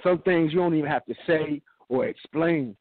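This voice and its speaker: A man's voice: a little high, moderate pace, no echo. A man co-hosting a casual radio talk show, laid-back, who keeps checking in with his listener. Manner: laid-back, keeps asking "you feel me?". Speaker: co-host. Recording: dry, tinny phone-like sound.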